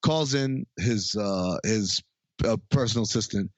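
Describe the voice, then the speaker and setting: A man's voice: lowish voice, measured pace, no echo, lo-fi sound. A man co-hosting a podcast, narrating a movie's plot and acting out the characters' lines. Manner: storytelling, acts out characters' lines. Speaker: podcast co-host. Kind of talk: casual movie recap chat.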